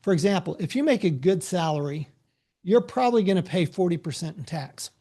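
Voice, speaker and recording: A middle-aged man, a tax advisor, giving a relaxed, anecdote-filled presentation over a video call with frequent restarts. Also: high voice, fairly quick. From United States.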